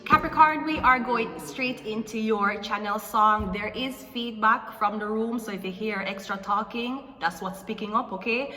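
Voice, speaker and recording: A woman's voice: a little high, moderate pace, hardly any pauses, pushed and bright. A woman hosting a casual tarot reading in a loose, chatty way, now and then breaking into song. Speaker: tarot reader and channel host. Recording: echoey room with long reverb and music. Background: music playing.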